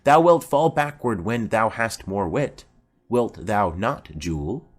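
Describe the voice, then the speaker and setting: A man's voice: lowish voice, sing-song, slow, exaggerated voice. A man voicing a chatty, rambling old female nurse in an audiobook play reading. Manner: rambling, garrulous.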